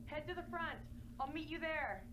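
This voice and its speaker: A woman playing a nervous young woman who speaks quickly and apologetically. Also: high voice, fairly bright tone, a little hiss or hum. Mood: uneasy.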